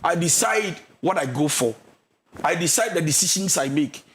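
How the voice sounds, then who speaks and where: Male counsellor, Ghanaian accent, pitched high, preachy and emphatic, code-switching. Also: lively intonation, normal speed, a little hiss or hum. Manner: preachy, mixes English with Twi, emphatic, shouts and sings phrases. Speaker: marriage counsellor. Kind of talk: radio counselling talk.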